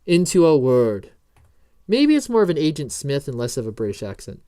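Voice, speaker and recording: A man's voice: a little high, wildly swooping pitch, fast talker, mellow. A man hosting a casual coding tutorial, rambling through notes with jokey asides and frequent self-interruptions. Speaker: programming tutorial host. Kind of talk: casual screen-recorded coding lesson.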